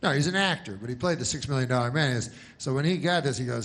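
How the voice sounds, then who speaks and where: A man doing a stand-up comedy set in a small club, talking in a deadpan, rambling way with wry asides. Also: mid-range voice, rapid-fire, few pauses. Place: small club before a live audience.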